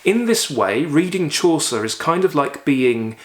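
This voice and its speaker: A man's voice: on the high side, animated, measured pace, roomy sound. A man hosting a literature book club, giving a chatty, enthusiastic lesson to camera. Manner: enthusiastic, conversational explainer.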